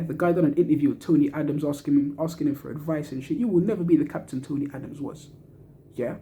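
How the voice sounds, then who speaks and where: A young man lets loose an angry football rant, full of swearing and slang. His voice sits a little high, with a dark, mellow tone. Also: fast talker. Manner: frustrated, swearing, slang-heavy ranting. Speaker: football fan reacting to a match. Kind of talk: angry post-match fan rant.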